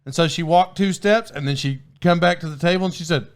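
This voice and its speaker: A man's voice: high voice, fairly quick. Rambling, laughing podcast host man. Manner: rambling storyteller, sidetracks and laughs a lot. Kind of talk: casual chat.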